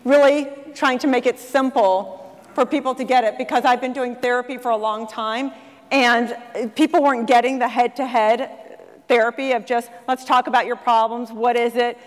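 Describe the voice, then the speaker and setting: A woman with a high voice tells a story from the stage of a large conference hall. She acts out the voices of the people she quotes, and the sound rings with a long hall reverb. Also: steady tone, normal speed. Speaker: speaker at a conference. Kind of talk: storytelling talk to an audience.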